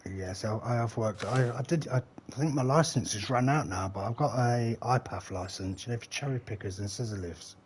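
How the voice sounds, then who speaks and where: A man's voice: mid-range voice, moderate pace, hardly any pauses, a little mellow, slight background noise. A middle-aged man, chatting loosely and swearing while he plays a game on a live stream and answers his chat. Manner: rambling and chatty, swears freely, talks to the chat.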